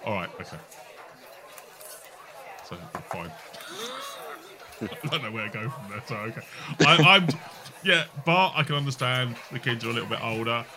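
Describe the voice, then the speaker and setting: A man hosting a podcast, joking around and swinging between loud outbursts and quiet asides. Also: mid-range voice, animated, moderate pace, pauses often. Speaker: podcast host. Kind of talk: casual chat. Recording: noisy background.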